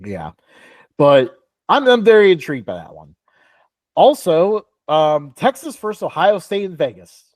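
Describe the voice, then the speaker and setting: Young male co-host, slightly high voice, dry close sound, rambling chat full of "um" and "like". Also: sing-song, measured pace, no echo. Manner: rambling, filler-heavy, laughs often. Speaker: podcast co-host. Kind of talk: casual sports talk.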